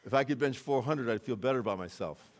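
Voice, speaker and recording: An American man preaching a sermon in a church, moving between quiet conversational asides and loud, urgent climaxes. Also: quick pace. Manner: impassioned, rising to loud urgent peaks then dropping low and conversational. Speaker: guest preacher. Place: church sanctuary.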